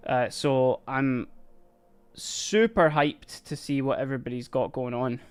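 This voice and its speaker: A man's voice: medium pitch, measured pace, clear, resonant tone, no echo. A Scottish man hosting a casual livestream, chatty and upbeat, thanking viewers as he reads the chat. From Scotland. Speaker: livestream host.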